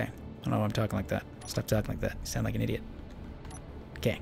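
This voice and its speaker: A man's voice: on the low side, fairly quick, gravelly, dark tone, faint music behind. A man giving casual, rambling let's-play commentary while playing a space building game, joking at his own expense. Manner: chatty, rambling, self-mocking. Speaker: gaming channel host.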